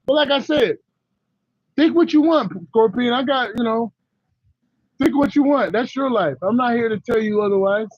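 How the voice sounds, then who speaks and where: A man with a strikingly high-pitched voice talks bluntly and rambles in casual slang, addressing his livestream viewers. The sound is dry and a little dull, close to the mic. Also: normal speed, no echo. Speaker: livestream host.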